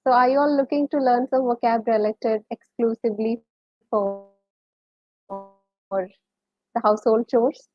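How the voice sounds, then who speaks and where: During a live-streamed English class, a woman with a Malayali English accent alternates between English and Malayalam and calls out viewers by name. Her pace is measured, her intonation fairly even, and she leaves long pauses. The audio is muffled, low-fidelity stream sound.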